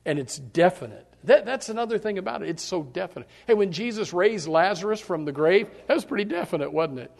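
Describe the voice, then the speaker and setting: A man's voice: sits high, lively intonation, brisk, gravelly, hardly any pauses, long reverb tail. Fervent middle-aged male preacher. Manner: fervent, emphatic preaching with surges of loudness. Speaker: pastor. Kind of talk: sermon.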